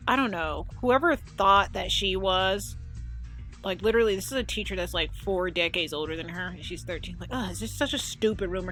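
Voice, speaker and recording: A woman giving casual reaction commentary as a video host, chatty and animated, saying "like" and "oh my gosh" often. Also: mid-range voice.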